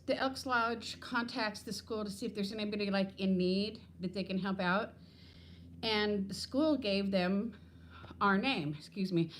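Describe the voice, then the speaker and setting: Streaming casually from home on her phone, a woman in her fifties rambles from topic to topic, laughs often and greets viewers by name. Her voice is mid-range, with a faint hiss in the background.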